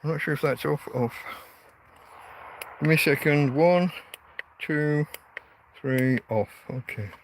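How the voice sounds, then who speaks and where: Camped in a tent in a field, a livestream host chats casually into the night, cursing at his dog out of frustration. He has a fairly high voice, talks slowly with long pauses, and a faint hiss or hum sits underneath.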